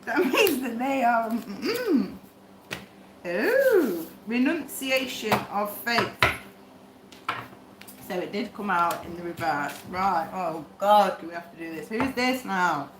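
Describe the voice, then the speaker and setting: A woman's voice: mid-range voice, sing-song, takes it slowly, background noise. A woman reading tarot on a livestream, talking bluntly and swearing as she rambles to herself. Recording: echoey room with faint ambience.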